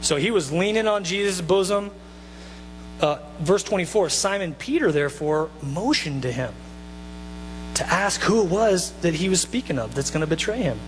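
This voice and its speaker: A man preaching a sermon as pastor in a church, talking in an animated, conversational way with asides and restarts. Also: sits high, normal speed. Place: church sanctuary. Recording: long hall reverb with faint mains hum.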